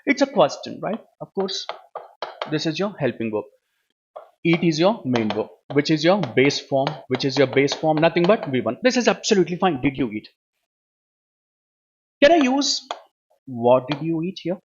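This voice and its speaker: A man's voice: on the high side, very animated, moderate pace, pauses often, dull audio, a little hiss or hum. A man teaching a live online grammar class, who keeps asking questions, answering them himself and adding "right, ma?". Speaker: English teacher.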